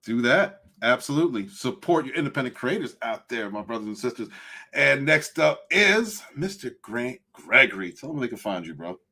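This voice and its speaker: Apresentador de podcast animado. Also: male voice, mid-range voice, very animated, moderate pace, sharp tone. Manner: upbeat, calls guests brother. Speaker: podcast host. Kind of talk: casual podcast hosting.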